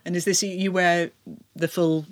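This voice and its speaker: A woman hosting a casual interview, asking quick, curious questions and laughing often. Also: lowish voice, little pitch movement. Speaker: host.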